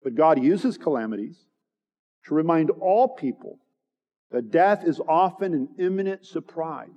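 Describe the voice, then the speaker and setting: A man's voice: on the high side, lively intonation, a little slow. A man preaching an earnest sermon, pressing each point with emphatic repetition. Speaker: pastor. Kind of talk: expository sermon. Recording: long hall reverb, dull lo-fi sound.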